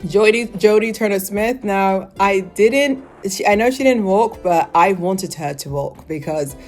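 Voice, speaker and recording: A young woman casually reviewing a fashion show, chatty and animated, with lots of filler words and sudden high exclamations. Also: unhurried, soft background music. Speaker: vlogger.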